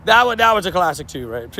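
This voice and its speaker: A young man with a high, bright, pushed voice talks briskly with big swings in pitch while live streaming a mobile game outdoors. Casual and cheerful, he laughs often and restarts his sentences, with slight background noise; he's not from New York.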